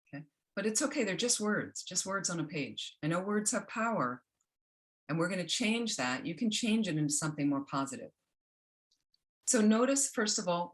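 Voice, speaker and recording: A woman teaching a self-compassion workshop, gentle and instructional, often checking in with the group. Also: fairly low pitch. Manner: gentle, keeps checking in with "okay?".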